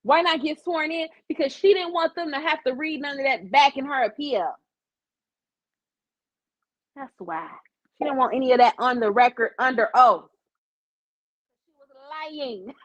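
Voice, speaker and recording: A woman's voice: high voice, normal speed, pauses often, poor audio. A woman hosting a casual live-stream commentary show, blunt and profane, acting out the quotes she tells.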